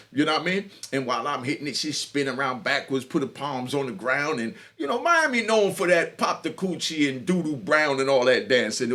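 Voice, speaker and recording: A man's voice: mid-range voice, a bit bright. A man from New York telling a boastful, bawdy street story in a casual monologue, laughing often, stumbling over restarts and asking "you know what I mean.". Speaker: storyteller, channel host.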